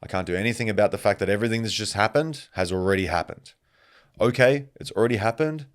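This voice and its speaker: A man hosting a podcast, telling stories in a casual, animated monologue and swearing freely. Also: on the low side, quick pace. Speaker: podcast host.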